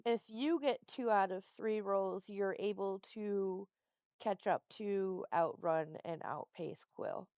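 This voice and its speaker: Slow, gravelly woman running a game. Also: medium pitch, no echo. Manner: patient, explains the rules step by step. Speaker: dungeon master. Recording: dull lo-fi dry sound.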